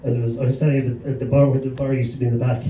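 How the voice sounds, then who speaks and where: An Irish man tells a story to a panel audience, swearing freely and chuckling as he goes. He sounds far from the mic in an echoey pub room, with a steady hum of background noise. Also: mid-range voice, rapid-fire. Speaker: panelist, gig promoter. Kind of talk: anecdotal storytelling on a live panel. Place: pub venue with a live audience.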